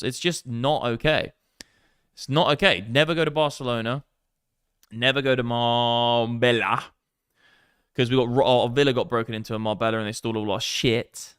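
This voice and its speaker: Sweary man, smooth dry voice. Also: medium pitch, fairly bright tone, no echo. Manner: brash, sweary banter with a running joke. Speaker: crypto trading livestream host. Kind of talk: casual livestream chat, reading viewer comments.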